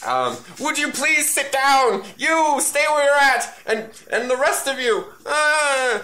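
A man voicing a shrill, whiny, indignant male character who screeches and pleads. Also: sing-song, slow pace, pushed and bright, full character voice. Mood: shrill protest. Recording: noisy podcast recording.

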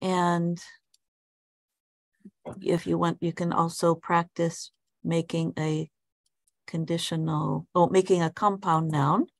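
A woman teaches an online English class over a video call and speaks slowly with a gravelly edge. She hesitates often and restarts her sentences as she asks students questions. The sound is dry and close, with no room echo. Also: on the low side, little pitch movement. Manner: hesitant, many ums and restarts, friendly questions. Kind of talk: casual online class talk.

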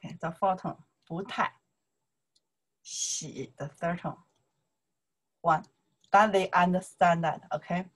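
A woman with a Chinese accent gives a relaxed online language lesson, talking slowly and asking "okay?" after nearly every phrase. Her voice is soft and a little breathy, at a medium pitch. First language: Mandarin Chinese. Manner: slow, repetitive, checks in with "okay?" constantly.

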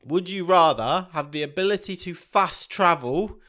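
A man with a cold and a husky, congested voice, co-hosting a casual chat podcast with dry, playful banter. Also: high voice, moderate pace, bright, forceful tone. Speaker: podcast co-host.

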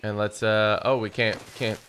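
A young man narrates his own gameplay in a chatty, excitable way. His voice is bright and forward, with a faint hum of game sound underneath. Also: on the low side, normal speed. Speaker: gaming YouTuber. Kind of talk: let's play commentary.

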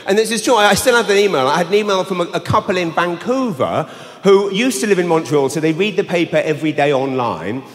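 Male stand-up comic, high voice, arena reverb, shouty storyteller. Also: quick pace. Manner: animated storytelling, bursts of shouting. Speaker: stand-up comedian. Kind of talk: live stand-up comedy. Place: large arena stage. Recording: live arena with long reverb.

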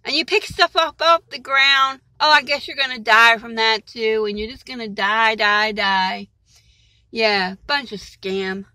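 A woman from Maryland rambles to her vlog audience, agitated and exasperated. Her voice is bright and a touch high. It sounds dry and close, with no room echo. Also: a little slow. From Maryland, USA. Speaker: vlogger.

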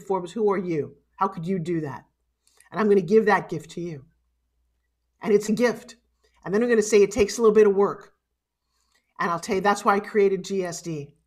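A middle-aged woman giving a heartfelt motivational keynote speech, urging her audience and tearful at times. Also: medium pitch. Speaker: motivational speaker. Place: conference stage.

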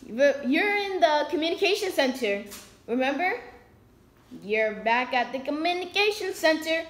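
A woman relaying messages from a spirit in a soft, low, hushed voice. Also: big pitch swings, moderate pace. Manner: speaks softly, low and hushed, relaying quoted phrases. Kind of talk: hushed paranormal narration. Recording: echoey room with faint noise.

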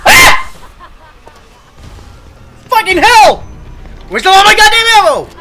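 A young man commentating a horror game, hoarse from screaming, who yells and swears at scares and mutters between them. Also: very high voice, very animated, moderate pace. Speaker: gaming video host.

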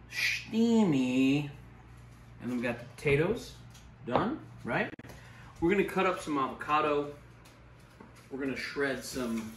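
A man's voice: medium pitch, noisy background. Hyped, cursing cooking-show man. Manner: loose, swearing, hyped-up kitchen banter. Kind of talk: casual cooking demonstration. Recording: roomy sound, mic at a distance.

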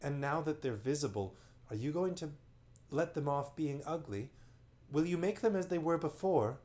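A man's voice: fairly high pitch, expressive, normal speed, mellow, pitched above the performer's own voice, lightly acted. A man voicing a curious young girl. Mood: questioning. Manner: earnest, questioning. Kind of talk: bedtime story reading.

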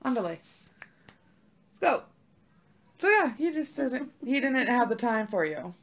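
A woman's voice: on the high side, big pitch swings, moderate pace, a bit bright. A young woman co-hosting a podcast, telling a story in a laid-back, profane chat full of "like". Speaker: podcast co-host. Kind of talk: casual chat.

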